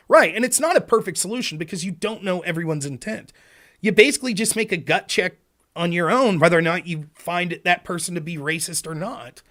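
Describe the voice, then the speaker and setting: A man's voice: sits high, animated, brisk, a bit bright. A man hosting a political livestream, talking in an argumentative monologue and acting out quoted back-and-forth exchanges. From Pennsylvania. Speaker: political talk show host.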